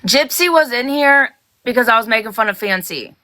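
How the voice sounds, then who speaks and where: A woman hosting a livestream, ranting heatedly and fast, swearing and rising to shouts. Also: on the high side, expressive. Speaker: livestream host.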